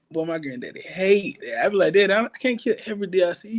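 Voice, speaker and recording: A man's voice: a little high, lively intonation, fast, creaky. A man, telling hunting stories as a podcast co-host in casual chat and acting out quoted voices. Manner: storytelling, acts out quoted voices.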